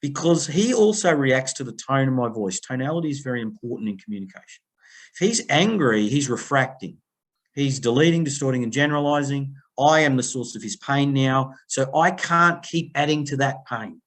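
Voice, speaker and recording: As a podcast guest, this middle-aged Australian coach who works on people-pleasing speaks in a mid-range voice at normal speed. He energetically tells stories in the interview, performing the voices of people on the phone.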